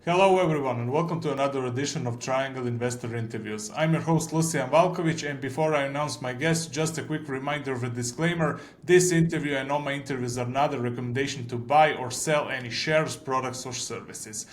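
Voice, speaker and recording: A man's voice: medium pitch, fairly quick, few pauses. A man with an Eastern European accent hosting an investment interview, opening formally and turning friendly with his guest. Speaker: interview host.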